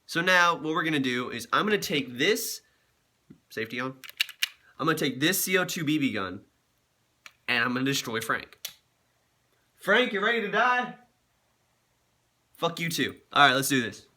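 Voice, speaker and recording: A man's voice: mid-range voice, animated, a little fast, pauses often, pushed and bright. A man vlogging in a casual, crude and joking way, cursing often. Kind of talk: casual vlog commentary.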